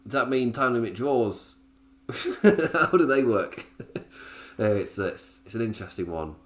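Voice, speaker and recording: Male podcast host, casual and rambling, laughs often, very animated delivery. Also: mid-range voice, unhurried. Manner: rambling, laughs often between points, goes off on tangents. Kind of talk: casual solo review podcast.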